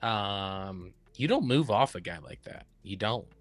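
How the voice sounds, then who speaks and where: A man's voice: on the low side, expressive, measured pace, no room sound, faint music behind. A man co-hosting a sports talk show, making his case with stats and repeating key points for emphasis. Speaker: sports podcast co-host. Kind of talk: casual sports debate.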